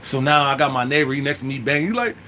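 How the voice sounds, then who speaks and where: A man in his thirties telling a prison story in an animated, profane, slang-heavy way, with lots of restarts. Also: medium pitch, racing. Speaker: vlogger. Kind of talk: storytime monologue.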